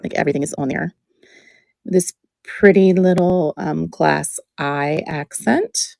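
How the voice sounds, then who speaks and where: A woman hosting a live jewelry auction stream, chatting in a relaxed way as she describes each piece, with many ums. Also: deep voice, slow pace, vocal fry, dry recording.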